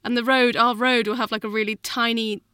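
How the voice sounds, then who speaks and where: A woman's voice: fairly high pitch, little pitch movement, a little fast, sharp tone, clean tone, no echo, studio quality. A young woman co-hosting a podcast with her mother, giggly and rambling, often leaving sentences unfinished. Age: young adult. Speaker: podcast co-host. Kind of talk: casual chat.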